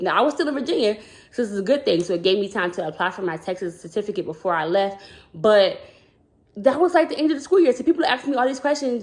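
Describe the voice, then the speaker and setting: A woman's voice: medium pitch, lively intonation, fast talker. A woman who works as a school counselor telling a personal story to her viewers in a casual, rambling way, often calling them "y'all". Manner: chatty, rambling, addresses viewers as "y'all", acts out quoted dialogue.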